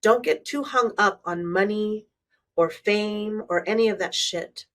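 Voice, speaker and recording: A woman's voice: mid-range voice, unhurried, far from the mic. A woman hosting her own podcast as a manifestation coach, talking frankly and bluntly in a solo monologue, swearing freely.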